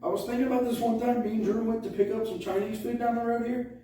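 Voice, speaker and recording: A man's voice: very high voice, steady tone, fast talker. A man co-hosting a casual podcast, telling profane stories and mimicking people. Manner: profane storytelling with loud mimicking asides. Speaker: podcast co-host. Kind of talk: casual drunken chat. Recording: echoey room, far from the mic, faint noise.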